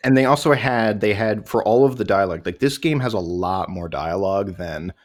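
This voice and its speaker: A man's voice: on the low side, a little fast. A man hosting a podcast in casual chat, rambling a little and correcting himself as he goes. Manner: rambling, self-correcting, hedging with fillers. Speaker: podcast host.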